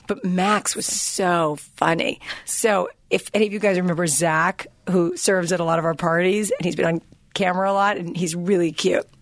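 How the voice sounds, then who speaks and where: A woman hosting a casual chat, animated and quick to laugh while she tells stories. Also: fairly low pitch. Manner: animated storyteller, laughs often. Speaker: podcast host.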